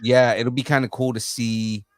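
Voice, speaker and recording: A man co-hosts a casual pop culture podcast, talking enthusiastically and rambling with plenty of fillers. His mid-range voice shows little pitch movement and keeps a moderate pace, with no echo.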